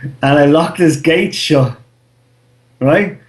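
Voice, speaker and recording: A man's voice: on the high side, slow pace. An Irish man in his thirties, co-hosting a podcast in casual chat, telling a loose, slangy story and swearing freely. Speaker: podcast co-host.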